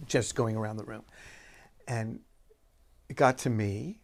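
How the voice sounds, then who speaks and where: Man telling halting backstage stories. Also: fairly low pitch, steady tone, gravelly, a little mellow. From Boston, USA. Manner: storytelling with halting restarts. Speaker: guest recalling theatre production. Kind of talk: casual anecdotal conversation.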